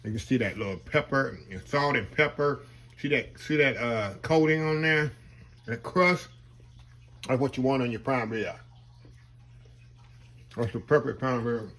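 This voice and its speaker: A man's voice: medium pitch, takes it slowly, long pauses, a bit bright. Folksy man hosting a cooking vlog. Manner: folksy, chatty, savoring food with hums. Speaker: cooking channel host.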